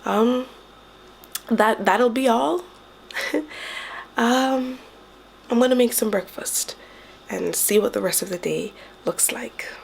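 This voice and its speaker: A young woman recording a casual video diary at home while sick, her voice stuffy and raspy, talking frankly and with exasperation. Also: fairly high pitch, slow pace, pauses often, slight background noise. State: stuffy, hoarse from illness. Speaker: vlogger. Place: at home by a window.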